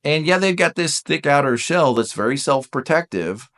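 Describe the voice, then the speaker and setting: A man giving a casual, animated teaching talk, emphatic and self-deprecating. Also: fairly high pitch, moderate pace. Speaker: Enneagram teacher.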